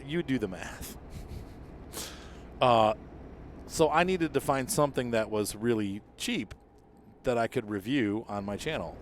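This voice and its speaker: A middle-aged man with a fairly low voice, talking loosely as he plays. He wanders through his story, correcting himself and trailing off. A faint hum sits behind him. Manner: meandering, lots of fillers and self-corrections. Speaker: gaming channel host. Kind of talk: casual rambling monologue while gaming.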